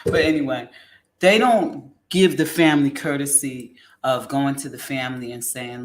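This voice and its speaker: A woman hosting a casual commentary show, rambling and halting with many ums. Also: deep voice. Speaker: host.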